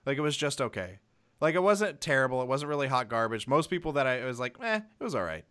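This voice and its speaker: A young adult man co-hosting a podcast speaks fast and expressively in a mid-range, fairly bright voice. In a casual film review chat, he rambles and acts out his favourite scenes as he retells them.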